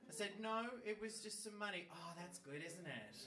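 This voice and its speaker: A man's voice: sits high, normal speed, heavy background noise. A man telling a long, funny anecdote in casual chat, swearing freely and laughing as he goes. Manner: animated, swears freely, laughs mid-story. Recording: roomy sound from a distant mic.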